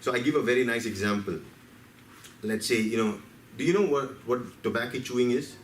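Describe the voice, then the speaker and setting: A man's voice: medium pitch, fairly quick, a little hiss or hum. Man lecturing in an echoey hall. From India. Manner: storytelling, asks the audience questions, playful. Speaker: health speaker. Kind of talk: lecture to an audience. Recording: roomy hall, distant mic, faint background.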